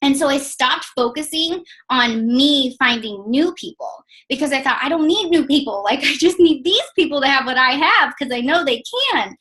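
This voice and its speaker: Bright high-voiced woman in her twenties. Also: lively intonation, moderate pace, low-quality recording. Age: 20s. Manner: chatty, emotional, many fillers. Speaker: direct sales team leader. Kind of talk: personal success story talk.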